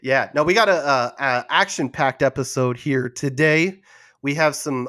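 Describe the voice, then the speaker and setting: A young man hosts a casual gaming podcast, chuckling at his own nerves and talking himself down. His pitch sits in an ordinary middle range. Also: moderate pace, pushed and bright. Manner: nervous, laughing, self-deprecating. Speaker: podcast host.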